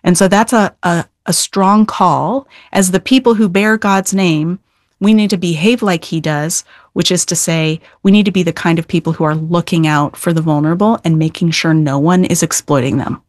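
A woman's voice: on the low side, normal speed, no echo, clean studio sound. A middle-aged woman Old Testament scholar being interviewed, explaining scripture earnestly with emphatic stress and frequent restarts.

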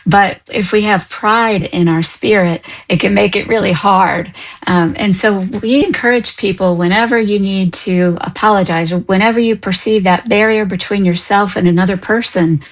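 A woman guest who works as a counselor and coach, answering thoughtfully in a radio interview with soft hesitations. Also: mid-range voice, fairly even intonation, moderate pace, rough recording.

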